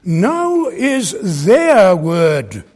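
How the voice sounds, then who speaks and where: Deliberate, husky-voiced male preacher. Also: high-pitched, huge pitch swings, darkish tone. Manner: earnest, emphatic, deliberate Bible exposition. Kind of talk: expository sermon. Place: church pulpit.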